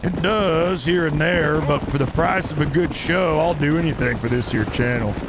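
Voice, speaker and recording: A man's voice: fairly high pitch, moderate pace, background noise. A male game streamer making rambling, jokey commentary, sometimes slipping into a mock-cowboy drawl. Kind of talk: casual gameplay commentary. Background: game horse hoofbeats.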